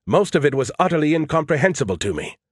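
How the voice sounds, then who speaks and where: A man's voice: a little high, sing-song, fast talker, slightly rough, no echo, studio quality, voice pushed up. Smug sarcastic AI, voiced by a man. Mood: teasing. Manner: condescending, teasing. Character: smug sarcastic male AI, mocking.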